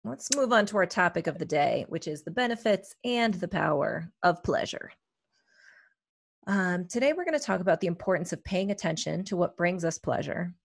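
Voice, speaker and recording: A woman's voice: on the low side, lively intonation, moderate pace, creaky, dry recording, clean studio sound. A woman co-hosting a wellness podcast, talking in a chatty, reflective way with many fillers. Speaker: podcast co-host, therapist. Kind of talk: casual podcast chat.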